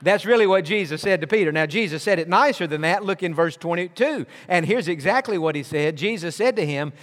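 High-voiced pastor preaching in a reverberant hall. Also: male voice, animated, fairly quick, hardly any pauses, fairly bright tone. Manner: emphatic preaching with repeated refrains. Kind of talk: sermon. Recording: long reverb of a large hall.

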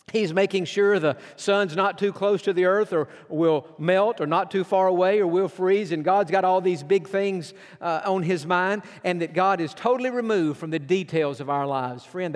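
A pastor preaching a sermon, earnest and emphatic, slowing down for weighty lines. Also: male voice, high-pitched. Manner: earnest, emphatic preaching with slow dramatic pauses. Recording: long hall reverb.

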